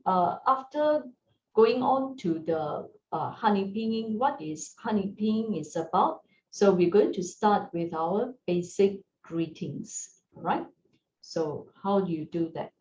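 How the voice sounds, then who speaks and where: A woman teaching a beginners' Mandarin lesson, gentle and encouraging, often checking in with her learners. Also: medium pitch. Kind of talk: slow, patient language lesson. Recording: roomy, distant, dull sound with faint hiss.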